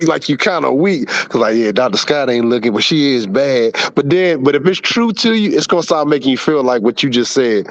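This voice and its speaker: A man's voice: medium pitch, animated, fairly quick, few pauses, no echo, lo-fi sound. A man in his forties telling stories in a blunt, profane way during a casual podcast chat. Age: 40s. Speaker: show host.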